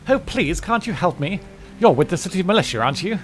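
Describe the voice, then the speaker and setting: A frightened young townswoman pleads in a stammering, breathless way, as a man puts her on. The voice sits high and swings a lot. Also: very animated, quick pace, faint music behind. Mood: pleading.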